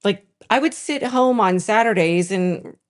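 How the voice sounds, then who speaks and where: A woman's voice: mid-range voice, measured pace. A middle-aged woman co-hosting a live stream, chatting casually and reading out viewer comments. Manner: chatty, reads out chat comments, laughs often.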